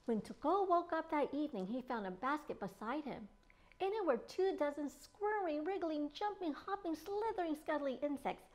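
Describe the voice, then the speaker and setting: A woman children's librarian reading a picture book aloud in an expressive storytime manner. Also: sits high, moderate pace.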